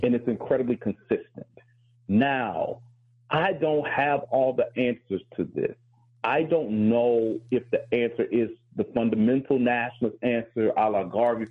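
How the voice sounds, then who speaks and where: A man's voice: medium pitch, moderate pace, slightly rough. A man co-hosting a talk show, speaking earnestly and reflectively, often repeating words as he starts a thought. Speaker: professor and show co-host. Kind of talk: casual talk-show discussion. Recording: phone-like narrow band.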